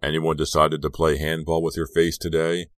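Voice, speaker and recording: A wisecracking, brash teenage boy, as read by a man for an audiobook, teasing his friend in a very deep voice. The sound is close and dry with no room around it. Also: completely flat delivery, normal speed, no echo. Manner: teasing, needling jokes. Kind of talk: audiobook character reading.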